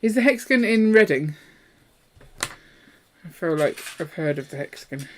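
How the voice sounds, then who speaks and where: A woman's voice: fairly low pitch, lively intonation, unhurried, noisy background. A woman hosting a live building stream, chatting casually and playfully while she works. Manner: chatty and playful, breaks into song.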